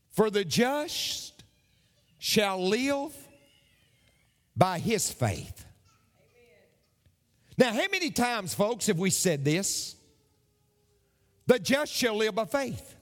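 Slow, high-voiced preacher in a reverberant hall. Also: male voice, a bit bright. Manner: emphatic preaching, repeats key phrases. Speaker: pastor. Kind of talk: sermon.

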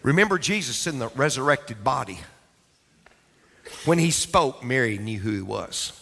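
An older man, a pastor, preaching a dramatic sermon that swings between hushed and booming. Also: lively intonation, normal speed, gravelly, husky, long reverb tail.

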